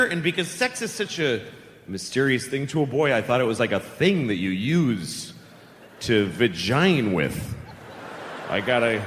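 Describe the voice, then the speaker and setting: Lively, bright-voiced stand-up comic. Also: male voice, fairly low pitch, unhurried, in a large hall, a little hiss or hum. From Boston area, United States. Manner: deadpan, conversational, sardonic. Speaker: stand-up comedian. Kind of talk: stand-up comedy routine.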